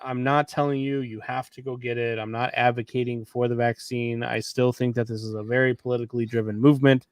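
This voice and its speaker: A man's voice: medium pitch, level tone, a little fast, hardly any pauses, clean tone, dry recording. A man hosting a casual sports talk show, speaking conversationally and moving the discussion from one headline to the next. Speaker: host.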